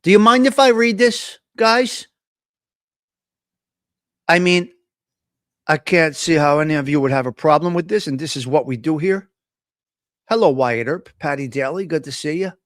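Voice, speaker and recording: Guy doing a live stream, kinda high voice, jokey, reads chat out loud, super dry sound. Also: moderate pace, pauses often, dry recording. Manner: chatty, laughs often, teasing, ad-libs. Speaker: live stream host reading viewer comments.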